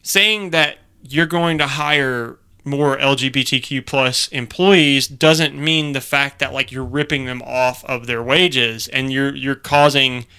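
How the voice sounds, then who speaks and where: A man co-hosting a podcast, talking in a casual, animated way with many fillers and restarts. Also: medium pitch, slow, hardly any pauses, smooth. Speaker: podcast co-host. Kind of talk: casual political chat.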